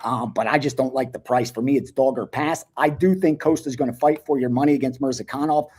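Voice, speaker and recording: A man giving sports betting picks in casual talk, blunt and animated, swearing freely. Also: mid-range voice, fast, husky.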